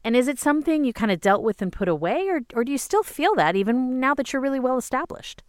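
A woman hosts the interview in a smooth, resonant voice whose pitch moves a great deal. She reacts readily with exclamations and laughter. Her questions tend to run long. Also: very animated, fast. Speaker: interviewer, host. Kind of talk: casual interview.

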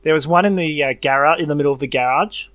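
A young man, co-hosting a casual podcast and telling a story with lively acted-out voices. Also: fairly high pitch, quick pace, no echo. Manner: animated storyteller, acts out voices and meows. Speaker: podcast co-host. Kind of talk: casual chat.

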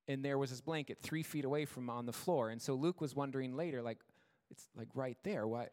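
A male pastor in his thirties preaching in a measured, earnest way, leaning on slow repeated words for emphasis. His voice sits a little high for a man. The sound carries the long reverb of a church hall. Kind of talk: sermon. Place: church sanctuary.

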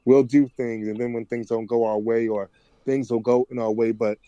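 A man's voice: medium pitch, flat delivery, normal speed, dark tone, no echo, dull audio. A man guest on a podcast, talking in a reflective, rambling way with frequent restarts. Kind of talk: casual conversation.

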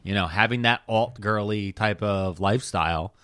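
A man's voice: lowish voice, normal speed, pushed and bright, no echo. A man co-hosting a podcast, chatting casually and riffing with jokes and swearing. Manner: joking, profane, riffing. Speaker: podcast co-host. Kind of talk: casual chat.

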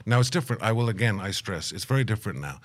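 A man's voice: on the low side, rapid-fire. A middle-aged man telling a travel story in an interview, acting out quotes and laughing often. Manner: animated anecdote-teller, acts out quotes, laughs often. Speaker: guest, aid worker.

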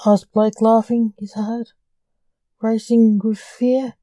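A woman hosting a podcast, narrating a gothic story in a measured, deliberate reading. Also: on the high side, level tone, mellow, dry recording.

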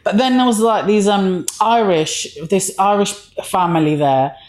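A woman's voice: mid-range voice, lively intonation, a little slow, darkish tone. A woman from East London with a London accent, a comedian telling stories in a casual podcast chat. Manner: chatty storyteller, acts out voices in anecdotes. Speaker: comedian guest.

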